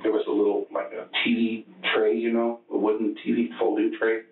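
Low-voiced man in echoey, tinny interview audio. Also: level tone. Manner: rambling, halting, many restarts. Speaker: interrogation suspect. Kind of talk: recounting events in a police interview. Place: police interview room. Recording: echoey, distant, phone-like interrogation room audio.

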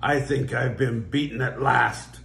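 Grandpa doing a blustering skeleton pirate. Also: male voice, mid-range voice, fairly even intonation, measured pace, gravelly, reverberant. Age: older. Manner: loud blustering. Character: boastful swaggering male skeleton pirate.

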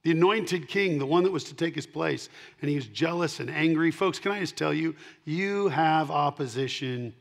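A man preaching a sermon, his voice sitting a little higher than most men's. He moves from loud, punchy declarations to soft, low asides and repeats his key lines to drive them home. He sounds middle-aged and speaks as a pastor to his congregation. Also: moderate pace, vocal fry, hardly any pauses. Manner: emphatic, swinging between loud punches and quiet asides.

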